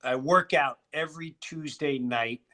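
A middle-aged man from Long Island, a comedian telling lively stories in a casual chat and swearing freely. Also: a little high, measured pace. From Long Island, New York. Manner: animated, heavy swearing, restarts. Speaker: comedian guest.

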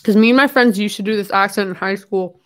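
A woman's voice: mid-range voice, quick pace, a bit bright. A young woman chatting on her live stream, rambling frankly and swearing, talking while she eats. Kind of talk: casual live-stream chat.

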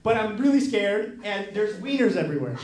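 A man performing stand-up comedy, telling a story and acting out the other people's lines in an animated way. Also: sits high, fairly quick. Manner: animated, acts out quoted voices. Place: comedy club stage with live audience. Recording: echoey club with crowd laughter.

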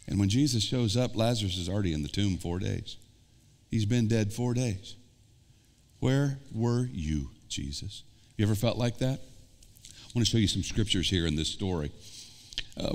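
A man with an American Midwestern accent, preaching an earnest sermon as pastor and putting questions straight to his congregation. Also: mid-range voice. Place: church sanctuary. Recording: long church reverb.

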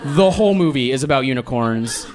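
A man in his thirties performing a stand-up set, telling a story in a dry, deadpan way and slipping into exaggerated voices for quotes. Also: medium pitch, a little fast, some chatter behind. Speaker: stand-up comedian. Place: live comedy club with audience laughter. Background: audience laughter.

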